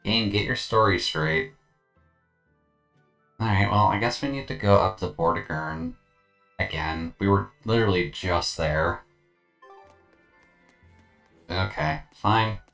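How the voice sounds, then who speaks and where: A woman's voice: very deep voice, animated, slow, creaky, long pauses, a bit bright, soft background music. A woman streaming a video game, musing wryly over the story. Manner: wry, musing, trailing off. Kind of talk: casual game commentary.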